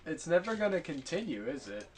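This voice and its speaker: A man's voice: on the high side, big pitch swings, brisk, a little mellow. Eager man over background noise. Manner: self-mocking, eager. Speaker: podcast co-host. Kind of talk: casual podcast chat.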